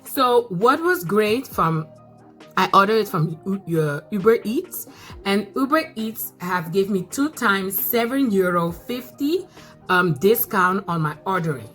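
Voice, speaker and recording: Excitable woman with a bright voice. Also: medium pitch, a little slow, soft background music. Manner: excitable, repeats phrases, bursts of laughter. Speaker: mukbang vlogger. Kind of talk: casual chat to camera.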